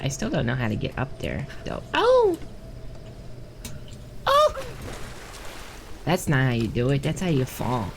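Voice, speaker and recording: A woman's voice: very deep voice, lively intonation, a little fast, hardly any pauses, a little mellow, faint music behind. A woman streamer chatting casually while playing a game, thinking aloud and answering her chat. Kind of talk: casual gameplay commentary.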